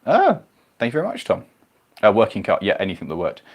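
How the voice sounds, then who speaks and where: A man's voice: on the low side, wildly swooping pitch, quick pace, slightly rough. A man hosting a casual live stream, rambling and self-deprecating as he reads viewer comments.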